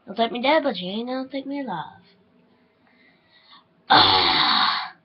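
Young woman gamer, husky voice, kinda slow talker, yells and curses at noobs, muffled lo-fi audio. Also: a little high. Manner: excitable, yelling and swearing at opponents. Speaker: gamer commentating her own gameplay. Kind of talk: casual gameplay commentary. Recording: dull lo-fi sound.

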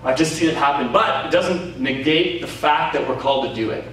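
A man preaching a sermon as pastor, telling stories with lively energy, acting out quoted voices and laughing often. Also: a little high, a little fast. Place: community centre hall. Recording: very echoey hall, voice from far off, faint noise.

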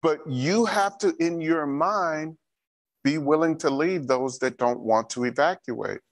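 A man's voice: a little high, measured pace. A man giving a church safety training talk, repeating key instructions and telling a personal story.

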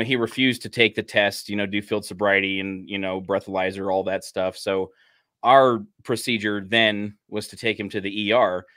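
Guy with a lowish voice telling patrol stories, laid back, lots of "you know", dry mic. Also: fairly bright tone, dry recording. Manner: laid-back, frequent "you know" fillers, laughs at his own stories. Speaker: podcast host, police officer. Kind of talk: casual storytelling chat.

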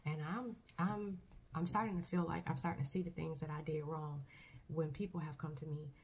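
A woman talking casually to camera about her faith. She speaks earnestly and haltingly, starting sentences over often. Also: sits low, steady tone, slightly rough. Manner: earnest, halting, soft-spoken with many restarts. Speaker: vlogger. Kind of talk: personal faith testimony, casual talk.

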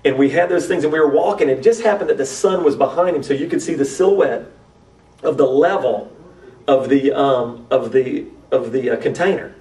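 A man's voice: mid-range voice, moderate pace, darkish tone, recorded from a distance, rough recording. A man, a missionary to urban youth, earnestly telling a personal testimony at a church conference, often repeating and restarting phrases. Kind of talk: testimony storytelling.

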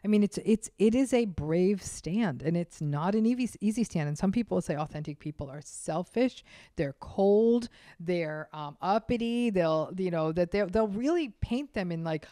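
Emphatic woman with a low, mellow voice. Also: animated, normal speed, no echo, clean studio sound. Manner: emphatic, acts out quoted speech. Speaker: psychologist guest. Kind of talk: podcast interview.

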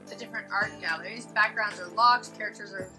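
A woman's voice: mid-range voice, brisk. A woman giving casual commentary while playing a game, thinking aloud as she browses its menus. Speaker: let's play host. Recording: game music playing underneath. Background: game music.

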